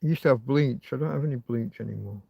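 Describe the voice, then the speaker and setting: A man's voice: medium pitch, fast, gravelly, husky, no echo, dull audio. A man hosting a casual livestream from inside a tent, rambling and swearing freely. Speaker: livestream host.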